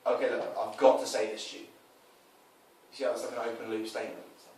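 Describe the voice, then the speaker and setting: This man has a lowish voice and talks fast while casually describing his dating-coach approach. He gets animated, voicing quoted lines in altered tones to play out scenes. Expect a roomy echo, a distant mic and faint noise.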